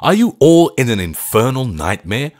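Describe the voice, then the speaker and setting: A man's voice: mid-range voice, very animated, normal speed, pitched above the performer's own voice. A man voicing a bewildered companion who pleads in a raised, urgent voice. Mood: pleading, alarmed. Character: alarmed male companion, imploring and bewildered.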